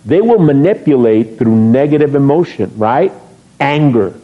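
A man's voice: medium pitch, lively intonation, moderate pace, soft background music. A middle-aged male pastor preaching a sermon from a church pulpit, joking with the congregation and asking them questions. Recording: dull lo-fi sermon recording.

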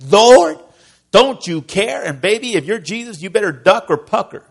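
A man's voice: sits high, lively intonation, a little fast, husky, pitched above the performer's own voice, exaggerated voice. A man playing an exasperated woman who scolds with her hands on her hips. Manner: sassy, loud scolding.

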